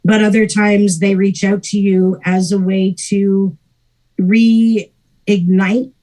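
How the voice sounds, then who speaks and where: A young woman co-hosting a casual spiritual chat, explaining calmly with many fillers. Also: medium pitch, slow pace, low-quality recording. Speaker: podcast co-host.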